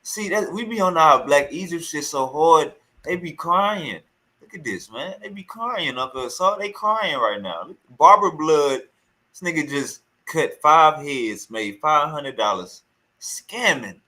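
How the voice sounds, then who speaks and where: Bright-voiced man hyping and taunting. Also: a little high, animated, a little slow, poor audio. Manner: teasing, repeats taunts over and over. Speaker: streamer reacting to a call. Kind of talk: loud mocking commentary.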